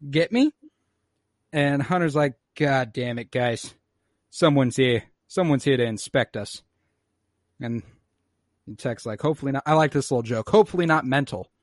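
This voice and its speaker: A man casually recapping a show episode, acting out the characters' lines in quick little voices and swearing freely. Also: medium pitch, dry recording, studio quality. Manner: animated storyteller who acts out characters' lines, swears freely. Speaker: podcast co-host recapping a show. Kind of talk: casual chat.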